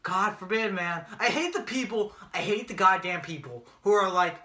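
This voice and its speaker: A young man co-hosting a casual wrestling predictions podcast, ranting and cursing, rising into shouts when angry. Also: sits high, sing-song, normal speed, few pauses. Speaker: podcast co-host.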